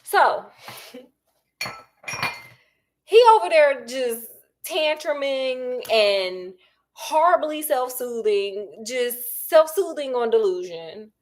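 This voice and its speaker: A woman's voice: sits high, expressive, slow pace, pauses often. A woman, chatting while she cooks and gossiping about reality TV in a sassy, dramatic way. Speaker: cooking vlogger. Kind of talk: casual chat while cooking.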